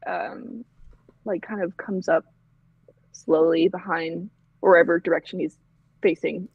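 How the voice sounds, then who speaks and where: A woman's voice: lowish voice, steady tone, a little slow, breathy edge, dry recording. A woman player chatting casually at a tabletop game, hesitant and full of fillers, on a dull, dry lo-fi mic.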